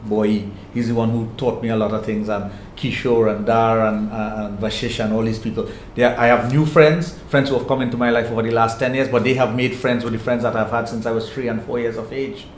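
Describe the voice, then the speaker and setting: A man's voice: medium pitch, flat delivery, fairly quick, few pauses. An older man with a Trinidadian accent, answering interview questions in an earnest, reflective way and often repeating phrases as he thinks. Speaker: interview guest, sexologist. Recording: echoey room with faint noise.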